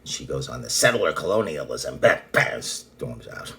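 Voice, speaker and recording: A man's voice: very deep voice, very animated, normal speed, a bit bright. A man talking in a casual personal monologue, rambling and blunt, often restarting sentences and swearing. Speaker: vlogger.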